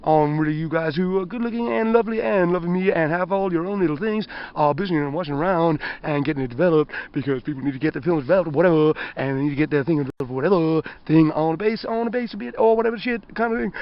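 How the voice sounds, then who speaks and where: High-voiced man, rapid-fire improvised rant, crude and rambling, dull lo-fi sound. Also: smooth. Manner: rambling, profane stream of consciousness. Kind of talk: improvised spoken-word rant.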